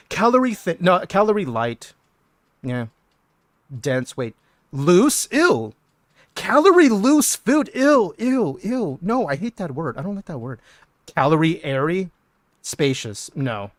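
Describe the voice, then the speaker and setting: A man's voice: fairly high pitch, no room sound. A male streamer joking, swearing and talking to his game allies as he gives live gameplay commentary.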